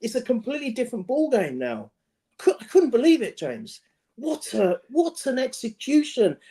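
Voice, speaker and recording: A man co-hosting a casual football podcast, talking in an excitable, emphatic way. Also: very high-pitched, normal speed. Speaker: podcast co-host.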